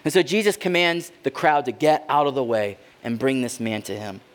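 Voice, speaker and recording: A man preaching a sermon, dropping to a hush and then rising to loud, dramatic cries as he voices the people in the story. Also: mid-range voice, moderate pace. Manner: dramatic, swings from hushed to loud voicing of characters. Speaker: pastor.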